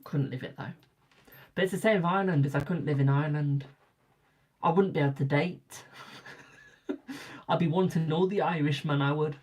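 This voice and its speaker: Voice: mid-range voice, moderate pace, pauses often, a little mellow, slightly rough. A young adult tarot reader from Britain chatting casually with live viewers, rambling and repeating phrases for emphasis.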